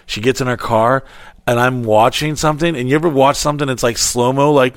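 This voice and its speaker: A man's voice: medium pitch, fairly quick, no echo. A man on a podcast telling a wild story in casual, heavily profane chat and acting out the quotes. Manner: animated, swearing freely, acting out quotes.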